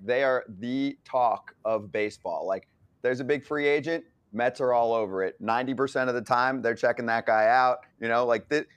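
A man's voice: medium pitch, dry recording. A male co-host asking questions in loose, chatty talk with mild swearing. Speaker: podcast co-host. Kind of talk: casual chat.

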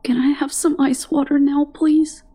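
A woman's voice: high voice, expressive, a little slow, pitched above the performer's own voice. A woman voicing a nervous young girl who talks in an anxious, apologetic way in a storybook reading.

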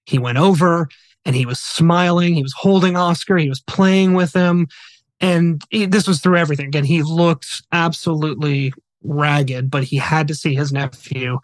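A man's voice: fairly high pitch, steady tone, moderate pace, no echo. A male podcast host earnestly retelling a somber true story, voicing quoted dialogue as he goes.

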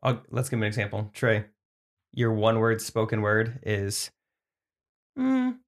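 A young man co-hosting a comedy podcast, throwing in playful, quick quips. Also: lowish voice, little pitch movement. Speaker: podcast co-host. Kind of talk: casual comedy podcast chat.

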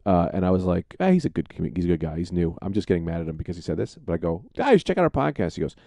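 Low mellow guy talking quick, deadpan jokes, dry mic. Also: gravelly, dry recording. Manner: fast, deadpan needling jokes. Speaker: podcast co-host. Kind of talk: casual comedy chat.

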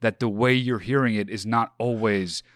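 A man in his forties co-hosting a podcast in casual chat, giving advice with wry, teasing deadpan asides. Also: lowish voice, normal speed, no room sound, studio quality. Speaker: podcast co-host.

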